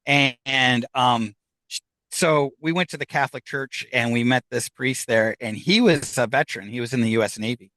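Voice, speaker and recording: Guy on a podcast telling a long story, acts out all the lines, laughs a bunch, mid-pitched, dry close sound. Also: moderate pace, no echo, low-quality recording. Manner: animated, acts out quoted dialogue, laughs between lines. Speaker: podcast guest. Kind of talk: casual storytelling.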